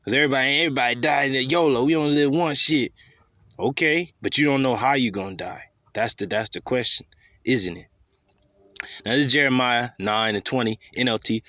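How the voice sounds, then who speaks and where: A man's voice: mid-range voice, a little fast, sharp tone, no room sound, studio quality. A man preaching a blunt, confrontational scripture sermon full of profanity and street slang.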